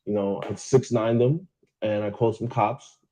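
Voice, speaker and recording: A man's voice: fairly low pitch, fairly even intonation, normal speed, mellow, poor audio. A man in a played vlog clip, earnestly recounting what he did. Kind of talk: vlog storytelling.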